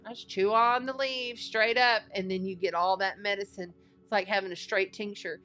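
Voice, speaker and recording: A woman reading tarot cards in a casual, chatty way, getting excited and thinking out loud as she talks. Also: medium pitch, normal speed, faint music behind. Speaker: astrology and tarot reader.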